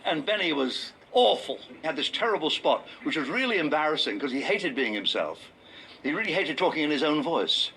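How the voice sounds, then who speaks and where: Wry older English comedian telling stories. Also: male voice, big pitch swings, brisk, pushed and bright, a little hiss or hum, poor audio. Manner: wry storyteller, drops into low mock voices for punchlines. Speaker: comedian and game show host. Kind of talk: anecdotal stand-up and reminiscence.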